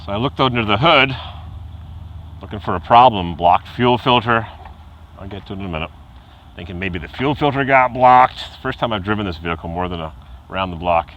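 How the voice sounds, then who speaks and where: A low-voiced man rambles through a car repair story outdoors at night, his pitch swinging widely as he chuckles and mimics the car's noises. His tone is bright and forceful. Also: lively intonation, brisk, dull audio. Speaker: car hobbyist vlogger. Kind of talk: casual storytelling vlog.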